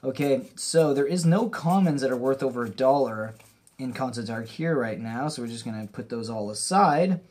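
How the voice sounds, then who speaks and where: A young man with a slightly husky voice runs through card packs on camera in a casual, chatty way. He talks straight to his viewers and gets excitable over the pulls, with a mid-range voice that is neither high nor low. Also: moderate pace. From Canada. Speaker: card-opening video host. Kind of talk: casual pack-opening commentary.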